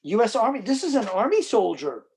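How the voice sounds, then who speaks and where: Excitable New man hosting. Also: high-pitched, brisk, poor audio. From New York City. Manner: excitable, joking, chatty storyteller. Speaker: antiques museum host. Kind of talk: casual chat during an unboxing.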